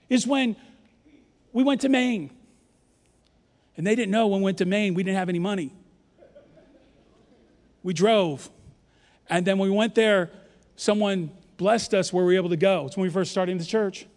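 A man in his fifties from New York, a pastor preaching an animated, joking sermon and leading the congregation in call-and-response. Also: sits high. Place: large church auditorium. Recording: long hall reverb from a large church.

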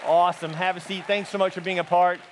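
A middle-aged man preaches a sermon in a lively, conversational way, trading jokes with his congregation. His voice sits high for a man. The sound rings with the long reverb of a large hall. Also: fast, some chatter behind, slight background noise. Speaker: pastor.

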